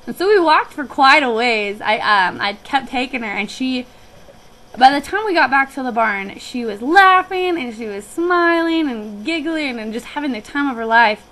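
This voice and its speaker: A woman's voice: high voice, expressive, moderate pace, fairly bright tone, low-quality recording. A young woman who works on a guest ranch, telling a personal story in a chatty, reflective way with frequent restarts.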